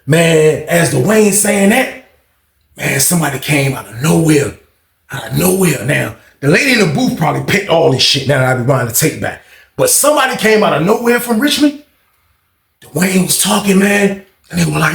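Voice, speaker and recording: A man hosting a storytime channel, telling a prison story in a profane, excitable way and acting out the fights with sound effects. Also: on the high side, normal speed, creaky. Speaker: storytime host. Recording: roomy echo.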